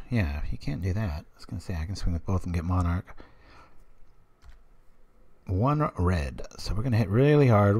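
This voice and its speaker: Low-voiced chatty streamer man. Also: mellow. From United States. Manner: chatty, rambling asides, talks to viewers in chat. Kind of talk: live card game commentary.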